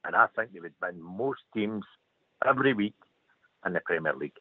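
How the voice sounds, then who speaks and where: Man, caller, very deep voice, tinny distant phone line. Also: lively intonation, fairly quick, husky, no room sound. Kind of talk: phone-in football chat.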